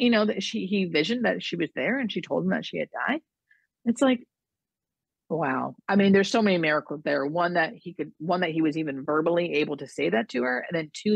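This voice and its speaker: Hospice-nurse guest, woman, low gravelly voice, chatty storyteller who acts out quotes. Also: no room sound. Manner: chatty, lots of likes and you-knows, acts out quotes. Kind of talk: casual interview storytelling.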